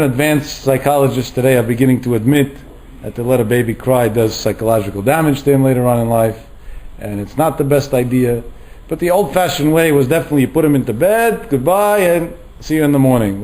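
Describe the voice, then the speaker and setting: A man's voice: mid-range voice, fast, rough recording. A middle-aged man giving a Torah lecture as a rabbi, telling stories and acting out the voices he quotes. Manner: animated, acts out quoted voices.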